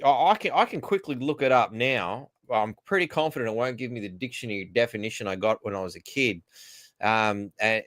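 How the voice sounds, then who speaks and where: A man's voice: lowish voice, a bit bright, no echo. A man hosting a casual video call chat, blunt and sardonic, swearing freely. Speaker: host.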